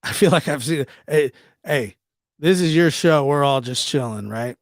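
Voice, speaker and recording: Guy hosting a live show, jokey and self-deprecating, kinda high voice, dry sound, faint music under. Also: normal speed, dry recording. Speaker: talk show host. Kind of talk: casual live show chat.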